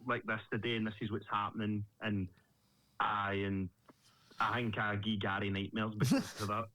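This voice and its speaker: Young Scottish fighter, animated casual talker, lo-fi sound. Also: male voice, lowish voice, normal speed, no room sound. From Scotland. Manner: animated storyteller, swears freely. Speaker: Muay Thai fighter, guest. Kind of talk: casual interview chat.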